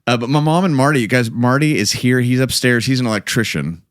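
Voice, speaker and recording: A man's voice: medium pitch, fast, no room sound, studio quality. A man hosting a podcast from home in a chatty, joking way with rambling asides. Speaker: podcast host. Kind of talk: casual chat.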